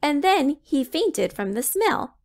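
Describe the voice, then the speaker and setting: A woman reading a children's storybook aloud, slow and expressive. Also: high-pitched. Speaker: children's book reader.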